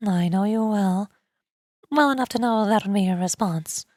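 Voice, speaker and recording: A woman voicing a calm, calculating schoolgirl strategist who speaks in a measured, formal way. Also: medium pitch, a little hiss or hum, pitched below the performer's own voice, close to an everyday voice. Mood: cool calculating. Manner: measured, formal, coolly logical.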